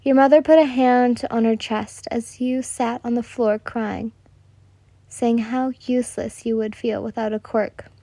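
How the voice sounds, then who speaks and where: A woman reading a second-person fan story aloud in a soft way, now and then correcting herself. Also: on the high side, fairly even intonation, no room sound. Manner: slow, soft, with occasional self-corrections. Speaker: fan fiction reader.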